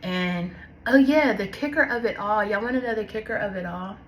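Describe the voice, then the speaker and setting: A woman's voice: medium pitch, moderate pace, noisy background. A young woman with a sore throat telling a casual storytime vlog, chatty and talking straight to her viewers. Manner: chatty, addresses viewers as y'all. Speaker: vlogger.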